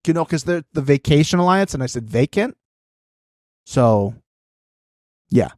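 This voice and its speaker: A man's voice: on the high side, expressive, measured pace, pauses often, a little mellow, no room sound, studio quality. A man co-hosting a comedy podcast, chatting casually with sarcastic, jokey banter. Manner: sarcastic, jokey, mock-outraged. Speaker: podcast co-host.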